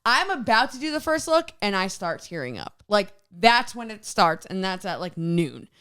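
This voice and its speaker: A woman co-hosting a podcast, telling a story in a casual, animated way and leaning on "like" constantly. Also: medium pitch, normal speed, clean tone. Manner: animated, filler-heavy retelling with lots of "like". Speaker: podcast co-host.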